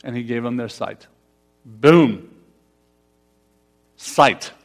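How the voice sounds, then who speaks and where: A man's voice: mid-range voice, extremely slow. A pastor preaching a conversational sermon, putting questions to his congregation. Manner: conversational, asks the congregation questions, laughs often.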